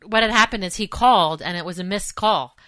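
A middle-aged woman with a bright, smooth, clear voice, chatting casually on a podcast. She chimes in and finishes her partner's sentences. The recording is dry and close. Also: mid-range voice, brisk, dry recording. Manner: chiming in, finishing his sentences, laughing. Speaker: podcast co-host. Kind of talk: casual chat.

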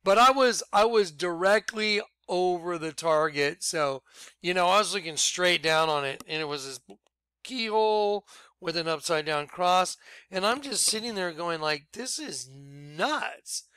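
A man giving an excitable, rambling personal testimony about his ministry, bursting into shouts. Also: high-pitched, normal speed, smooth, dry recording. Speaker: ministry leader.

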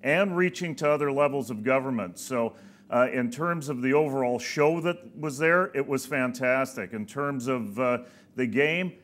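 A man sits on a sports roundtable and talks casually. He pauses often with fillers, and his voice is mid-pitched. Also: a bit bright. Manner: hesitant, frequent fillers. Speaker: show producer and panelist. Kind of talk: casual studio sports talk.

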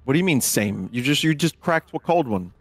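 A man's voice: medium pitch, big pitch swings, fairly quick, no room sound. A man streaming a game, chatting casually in a rambling, self-correcting way with dry jokes. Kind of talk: casual chat while playing a game.

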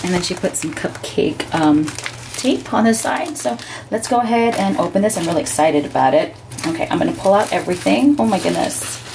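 A woman hosting her crafting channel, chatting casually as she opens packages and gushes with excitement. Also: fairly low pitch, a little fast, vocal fry, background noise. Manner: gushing, gasping with excitement. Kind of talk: casual unboxing vlog.

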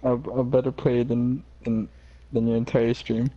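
A man's voice: medium pitch, flat delivery, unhurried. A man in a game voice chat, teasing the streamer in casual talk. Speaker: friend on the stream. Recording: dull lo-fi voice chat.

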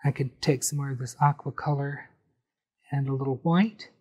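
A man calmly talking through a step-by-step painting tutorial, explaining each brushstroke as he goes. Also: mid-range voice, slightly rough. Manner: friendly, unhurried, explains each brushstroke as he works. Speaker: painting instructor.

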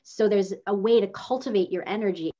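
A woman coaching a workshop on video presence, talking casually and changing her pitch up and down to demonstrate intonation. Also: fairly quick, dark tone, muffled recording. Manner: casual, with fillers. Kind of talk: teaching workshop.

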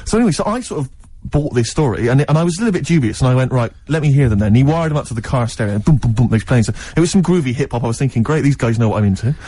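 A man telling an animated story in casual radio chat, laughing often. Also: mid-range voice, rapid-fire, husky.

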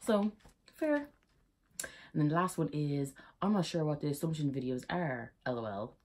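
Giggly Irish young woman with a husky voice. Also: low-pitched, animated, normal speed, a little mellow. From Ireland. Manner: giggly and chatty, prone to laughing fits. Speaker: YouTuber. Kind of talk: casual vlog chat.

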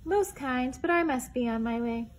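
A woman's voice: high voice, animated, moderate pace, a little hiss or hum. A woman voicing a small, polite gray male mouse in a storybook reading, dainty and chirpy.

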